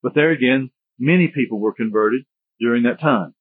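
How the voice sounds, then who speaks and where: A man's voice: medium pitch, moderate pace, breathy edge. A man giving a history lecture in a conversational, digressive way with joking asides. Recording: tinny phone-like dry sound.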